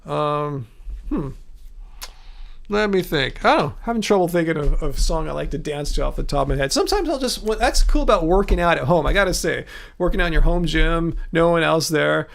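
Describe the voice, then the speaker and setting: A man in his forties chats casually on a livestream, reading out viewers' comments and pressing them with earnest questions. He talks in a loose, conversational way, restarting sentences often, and his voice sits slightly higher than most men's. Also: expressive, a little fast, gravelly, a bit bright. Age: 40s. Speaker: livestream host answering chat. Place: home studio.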